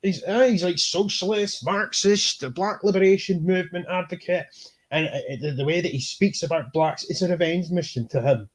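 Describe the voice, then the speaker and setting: A man's voice: high voice, moderate pace. Man, casual podcast host. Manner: rambling, laughs often, restarts and fillers. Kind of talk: casual political chat.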